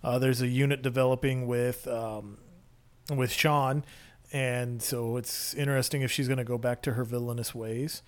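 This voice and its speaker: A man's voice: mid-range voice, fairly even intonation, normal speed. A man co-hosting a podcast in casual chat, talking in an enthusiastic, rambling way with many fillers. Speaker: podcast co-host.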